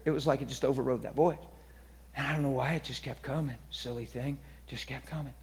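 A man preaching a testimony sermon, moving between hushed confiding and loud, excited preaching. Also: mid-range voice, a little fast, slightly rough. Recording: long reverberant hall.

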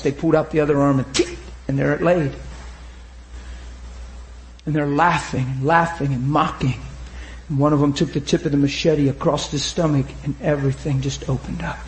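High-pitched preacher guy, fiery sermon, goes from yelling to quiet, keeps saying come on. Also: moderate pace, roomy sound. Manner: swings from shouting to low, hushed retelling; urges the crowd with repeated calls of "come on". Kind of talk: impassioned sermon.

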